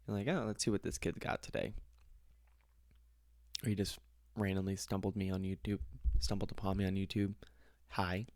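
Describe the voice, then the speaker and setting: A man's voice: lowish voice, darkish tone, dry recording. A young man hosting a casual solo podcast, rambling through stories with laughs and swearing. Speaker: podcast host.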